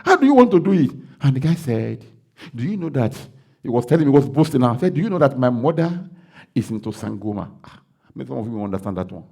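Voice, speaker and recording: Nigerian pastor, lively gravelly preaching. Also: male voice, medium pitch, fast talker. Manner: acts out dialogue, bursts into loud declarations. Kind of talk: sermon with told story.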